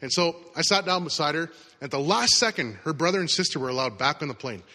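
A man's voice: fairly high pitch, expressive, fast talker, sharp tone, a little hiss or hum. A middle-aged man preaching a sermon, telling a personal story in a casual, conversational way. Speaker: pastor. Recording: long hall reverb.

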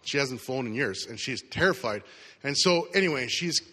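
Bright-voiced man preaching in a reverberant hall. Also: medium pitch, lively intonation, normal speed. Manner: casual, conversational storytelling with acted quotes. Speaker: pastor. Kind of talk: sermon with storytelling.

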